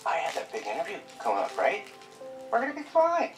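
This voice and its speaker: An actor playing a struggling father who reassures his daughter warmly and jokes with her, in a web drama over background music. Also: high voice, wildly swooping pitch, fairly quick, low-quality recording. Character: caring, broke young father, gentle and jokey. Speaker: struggling single dad.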